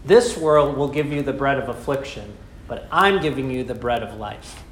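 A man preaching a sermon, asking rhetorical questions and slowing down with dramatic pauses. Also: medium pitch, expressive, a bit bright, slight background noise. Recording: echoey room with faint ambience.

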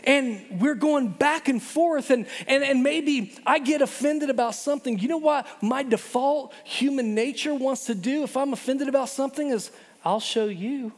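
High-voiced pastor in a reverberant hall. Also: male voice, moderate pace, few pauses. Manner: animated, repeats words and restarts often. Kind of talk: sermon. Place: church hall.

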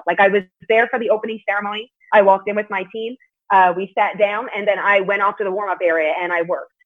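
Over a tinny, phone-like line, a woman with a mid-range voice talks fast with fairly even intonation. She's a martial arts competitor guesting on a podcast, chatting candidly in a casual interview and cursing here and there.

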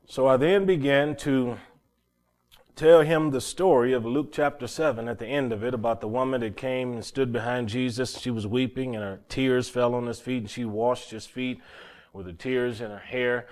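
A man's voice: mid-range voice, steady tone, darkish tone. Earnest preacher man. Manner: earnest, halting storytelling with repeated words. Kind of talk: sermon testimony.

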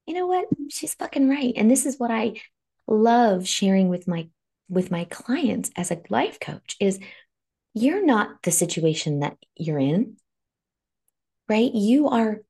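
A woman's voice: medium pitch, animated, takes it slowly, creaky, long pauses, a little mellow, husky. A woman who co-hosts a podcast and works as a life coach. She talks frankly and with open emotion, and she swears freely as she tells her story. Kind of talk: candid conversational podcast talk.

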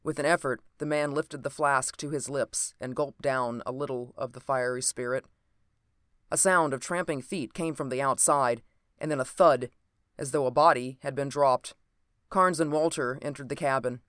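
A narrator reading an old adventure novel aloud in a steady, even storytelling manner. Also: medium pitch, moderate pace, no room sound, studio quality.

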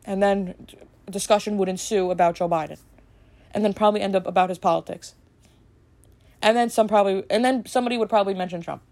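Woman rambling on her podcast, lots of like and you know, bit snarky, fry in the voice. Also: mid-range voice, fairly even intonation, a little mellow. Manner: brisk, slightly snarky delivery. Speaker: podcast host. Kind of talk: casual solo podcast chat.

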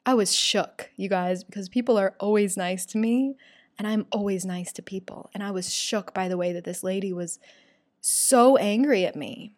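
A young woman talks casually to her listeners, chatty and animated, acting out the voices in her story. Her pitch sits in a middle range. The recording is dry, with no room sound. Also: moderate pace, no room sound.

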